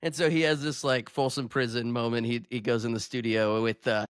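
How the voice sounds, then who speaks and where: A man's voice: medium pitch, steady tone, fairly quick, clean tone, no echo, clean studio sound. A young man co-hosting a podcast, chatting casually about a movie and acting out its lines, often laughing. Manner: laughs often, acts out quotes. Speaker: podcast co-host.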